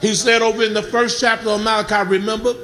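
A man preaching a sermon as pastor, building to shouts and calling on the congregation to respond. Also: high-pitched, little pitch movement, fast talker, echoey room, long reverb tail, poor audio. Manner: preaching with rising shouts and audience calls.

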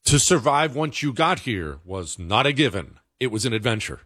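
A man's voice: normal speed, breathy edge, no echo, studio quality. A man hosting a casual political commentary show, talking in a conversational, emphatic way. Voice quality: conversational, emphatic, excitable pitch jumps.

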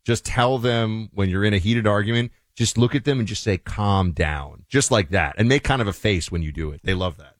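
A man's voice: on the low side, fairly quick, no room sound. A man co-hosting a talk radio show with wry, dry humor. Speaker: radio co-host. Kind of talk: casual talk radio banter.

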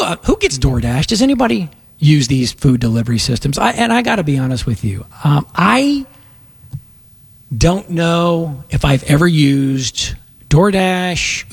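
A man's voice: on the high side, creaky, breathy edge. A man hosting a tech talk radio show, chatting casually and rambling with many fillers and restarts. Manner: rambling, self-interrupting, lots of fillers.

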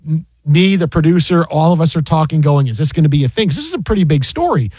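A man who works as a sports broadcaster, telling an animated anecdote with many restarts and an incredulous tone. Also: fairly high pitch, fast, husky, dry recording.

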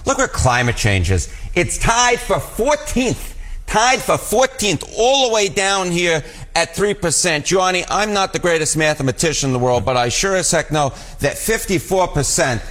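Brief: male TV data analyst, New York accent, higher voice, punchy repetition of numbers. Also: sing-song, normal speed, fairly bright tone. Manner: emphatic, repeats key numbers. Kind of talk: broadcast news analysis.

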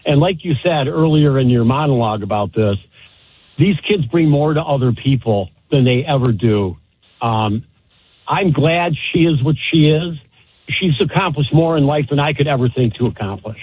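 Middle-aged male caller, earnest and thankful, husky, coming through a phone line. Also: mid-range voice, animated, moderate pace, no echo. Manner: grateful and earnest. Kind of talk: call-in radio talk. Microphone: telephone.

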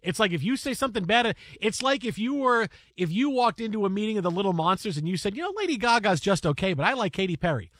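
Man in his 50s hosting a chat show, excitable and stammering, high bright voice, dry studio sound. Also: fast talker, hardly any pauses, dry recording. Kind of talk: casual chat.

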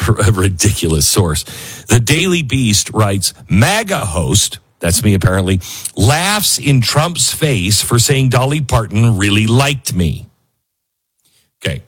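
A man's voice: medium pitch, a bit bright, slightly rough. A middle-aged man hosting a political talk show, delivering an opinionated monologue with laughing, mocking asides. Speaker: political commentary show host.

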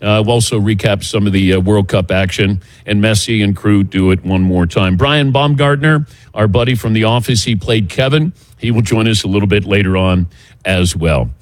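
A middle-aged man hosting a sports radio show outdoors, talking in a relaxed, chatty way and running through the show's rundown. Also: fairly low pitch, normal speed, no room sound. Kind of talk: casual morning show talk. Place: outdoors by a golf driving range.

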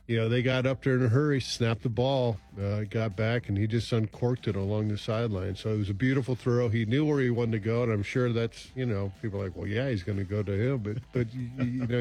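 A man's voice: mid-range voice, a little mellow. A man talking football as a radio analyst, rambling and full of fillers. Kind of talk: sports talk radio analysis.

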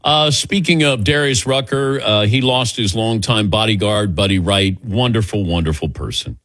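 A man's voice: fairly low pitch, normal speed, fairly bright tone, no echo. A man hosting a call-in radio show, chatting casually with co-hosts and callers. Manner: easygoing, fond of acting out quoted exchanges.

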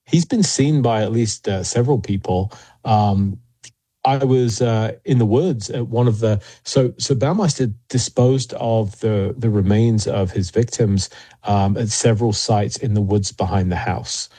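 A man as an interview guest, telling investigation stories in a measured way with frequent pauses and fillers. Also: on the low side, dark tone, breathy edge, no room sound. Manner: measured, many fillers and restarts. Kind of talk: interview storytelling.

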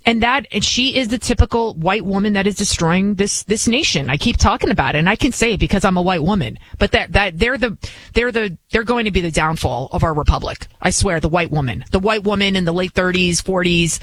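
A middle-aged woman hosting a talk radio show, giving opinionated commentary in an animated, mocking way. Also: mid-range voice, a little fast, rough recording. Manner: animated, mocking, acts out quoted voices.

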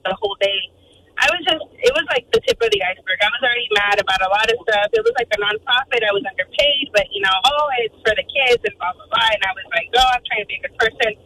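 A woman calling in to a radio show, telling a story quickly and acting out the voices of people in it. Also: on the high side, creaky, slight background noise, low-quality recording. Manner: fast, animated, acts out quoted voices. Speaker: caller. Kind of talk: phone-in storytelling.

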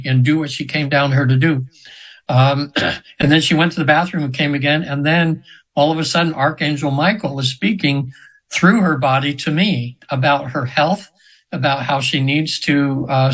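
Man, seventies, breathy voice, somewhat high, rambling interview storytelling. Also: a bit bright, rough recording. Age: 70s. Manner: rambling, many fillers and restarts, acts out quoted voices. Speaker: guest hypnotherapist.

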